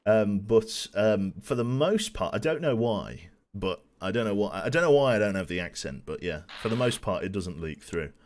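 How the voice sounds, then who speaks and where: Chatty young English streamer, lively. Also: male voice, lowish voice, moderate pace, hardly any pauses. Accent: light Birmingham. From England. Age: 20s. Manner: chatty, self-mocking, reads out game menus. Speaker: game streamer. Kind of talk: live gameplay commentary.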